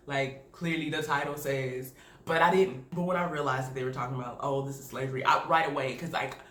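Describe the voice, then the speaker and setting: A woman giving casual reaction commentary, candid and animated, laughing often. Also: extremely low pitch, a little fast. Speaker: video reviewer. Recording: echoey room with faint noise.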